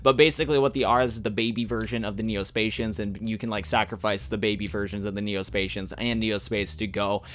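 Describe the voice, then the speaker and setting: A man hosting a gaming channel, talking in a quick casual ramble with many fillers, a little out of breath. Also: on the low side, fairly even intonation, a bit bright, a little hiss or hum. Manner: rapid rambling delivery with many fillers, says he runs out of breath. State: slightly out of breath. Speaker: YouTube gaming channel host. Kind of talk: fast casual commentary on a mobile card game.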